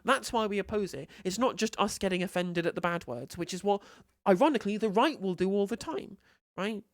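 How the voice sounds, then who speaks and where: Fast, swearing woman streamer, dry sound. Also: medium pitch, no echo. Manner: animated, incredulous, swears freely. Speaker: streamer reacting to a clip. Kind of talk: live stream commentary.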